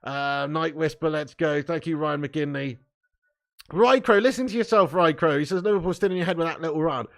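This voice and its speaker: A man's voice: fairly high pitch, fairly even intonation, a little fast, creaky, few pauses. A man hosting a live football watch-along, reading chat comments aloud with mocking banter, swearing and laughing.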